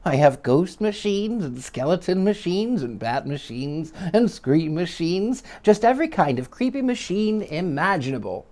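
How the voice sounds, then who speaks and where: A man voicing a shy, timid little man who stammers in a squeaky voice in a storybook. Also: big pitch swings, moderate pace, few pauses, darkish tone. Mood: bashful.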